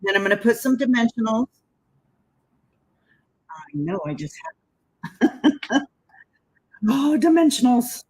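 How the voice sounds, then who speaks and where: A woman's voice: fairly high pitch, very animated, slow, pauses often, darkish tone, rough recording. A woman giving a casual crafting tutorial, chatting as she works and laughing at her own slips. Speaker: card-making demonstrator.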